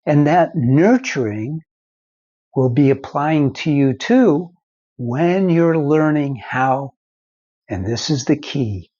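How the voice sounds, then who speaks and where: A man's voice: medium pitch, darkish tone, husky, highs cut off. An older man, a marriage counselor and founder, giving folksy advice to the camera and acting out little stories. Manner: slow, folksy storytelling with acted-out quotes.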